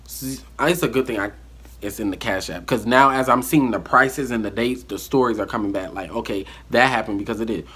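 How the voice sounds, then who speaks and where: A man telling a casual storytime on his vlog, animated and acting out the quotes. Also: medium pitch, brisk, husky. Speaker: vlogger.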